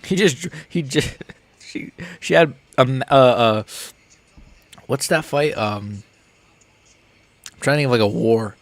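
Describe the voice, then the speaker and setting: A man's voice: medium pitch, slow pace, pauses often, dry recording. A young American man hosting a live stream, reacting to fights in a rambling, casual, jokey way.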